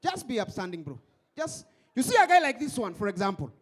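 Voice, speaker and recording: High-voiced man hosting a comedy night. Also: fairly quick. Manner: animated, switches between English and Swahili. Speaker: comedy show host. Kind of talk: stand-up comedy. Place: stage.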